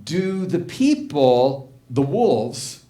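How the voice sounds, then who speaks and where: A man's voice: on the high side, sing-song, extremely slow, warm tone. An older man giving an inspirational talk to a spiritual community, telling a story, acting out the quotes and asking the audience questions. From United States. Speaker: guest speaker at a spiritual community. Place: church hall with audience. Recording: echoey hall.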